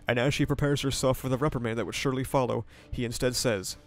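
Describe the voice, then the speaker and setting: A man narrating a scripted story summary and analysis in a steady retelling voice. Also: medium pitch, quick pace, soft background music. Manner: steady retelling with brief commentary.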